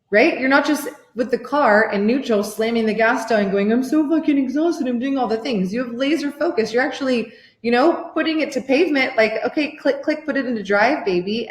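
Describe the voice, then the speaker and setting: Excitable thirtysomething woman coach hyping her program, swears a lot, mid pitch, roomy echo. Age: 30s. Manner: gushing, excitable, swears freely. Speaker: women's life coach. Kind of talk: motivational workshop pitch.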